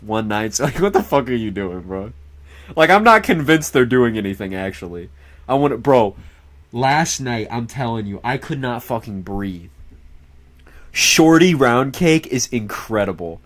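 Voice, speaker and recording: A young man streaming, chatting casually in a rambling, profane way and laughing often. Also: mid-range voice.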